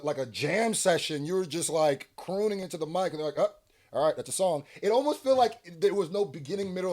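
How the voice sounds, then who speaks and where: A man hosting a music reaction video, talking casually and bluntly, laughing often. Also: fairly high pitch. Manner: animated, laughs often, blunt slangy remarks.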